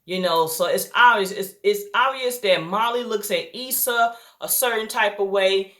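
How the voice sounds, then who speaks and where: A woman's voice: medium pitch, moderate pace, fairly bright tone. A woman casually recapping a TV episode, chatty and loose, acting out the characters' lines with lots of ums and you-knows. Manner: chatty retelling, acting out quotes, frequent um and you know. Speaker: TV recap reviewer.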